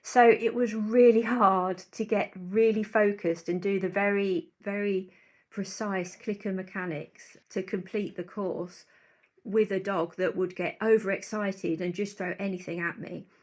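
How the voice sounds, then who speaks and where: Guest expert: woman, mid-pitched, earnest, thinks aloud, explains patiently. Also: fairly even intonation, a little slow, darkish tone. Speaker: guest dog behaviourist. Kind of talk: conversational interview answers.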